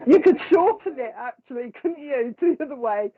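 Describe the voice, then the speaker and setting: A woman, a psychic medium hosting a live stream, chatting casually with viewers and laughing often between remarks. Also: sits high. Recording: tinny phone-like sound.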